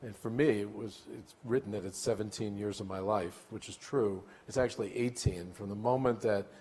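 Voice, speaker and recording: A man in his sixties, a chief executive speaking onstage as a keynote guest, measured and deliberate with a light dry humor. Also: lowish voice, a little mellow, breathy edge. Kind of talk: onstage conference interview. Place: conference stage in a large hall. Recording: long hall reverb.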